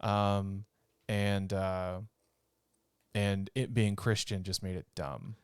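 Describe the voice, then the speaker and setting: A man's voice: sits low, flat delivery, takes it slowly, clear, resonant tone, no echo, clean studio sound. A man co-hosting a gaming podcast, chatting casually and rambling while he laughs often. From North Texas. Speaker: podcast co-host.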